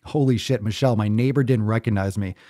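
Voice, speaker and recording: A man's voice: fairly low pitch, fast talker, dark tone, no room sound, clean studio sound. A man hosting a fitness live stream, reading viewer posts aloud and reacting with blunt, profane emphasis, repeating his points to drive them home. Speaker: fitness podcast host.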